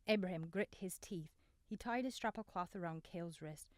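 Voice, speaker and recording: An audiobook narrator, a woman with a voice on the low side for her gender, reads a novel in a scripted, even, measured manner. She is close-miked, so the recording is dry with no room sound.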